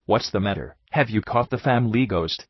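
A man voicing a cheery young man of the house who talks in a breezy, slangy way, with a husky voice. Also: on the low side, a little fast, dry recording, lo-fi sound. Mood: annoyed. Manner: breezy, slangy, then huffy. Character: cheery young host, easily annoyed.

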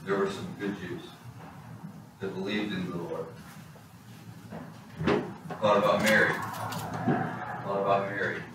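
A male pastor preaching a sermon in a church, animated and storytelling. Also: low-pitched, slow, pauses often, very noisy. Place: church sanctuary. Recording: echoey hall, distant mic.

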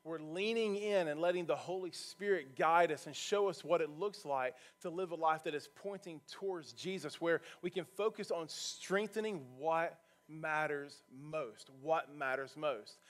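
A man's voice: on the high side, a little slow, few pauses. A male pastor preaching a sermon from a church stage, earnest and building to emphatic points.

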